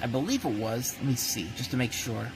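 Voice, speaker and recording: A man's voice: mid-range voice, expressive, brisk, rough recording. Man, movie review host, casual spoken review, blunt, ranting, restarts sentences, faint background noise.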